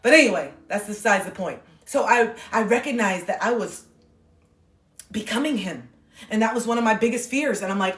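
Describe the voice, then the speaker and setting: A woman hosting a casual livestream, talking in an animated, emphatic way with plenty of swearing. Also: medium pitch, a little fast, roomy sound, recorded from a distance. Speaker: livestream host. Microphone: phone.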